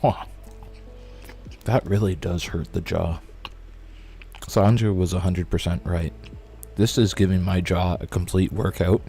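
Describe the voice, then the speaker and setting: A young man hosting a live stream, chatting and rambling excitably while he snacks. His voice sits low. Faint music plays behind him. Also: unhurried, gravelly, long pauses. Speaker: livestream host. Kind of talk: casual live-stream chat.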